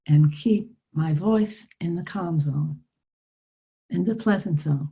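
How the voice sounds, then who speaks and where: Woman, older, psychologist, soothing, coaching, video call, warm tone. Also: lowish voice, slow pace. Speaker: psychologist teaching a class. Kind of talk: live online workshop talk.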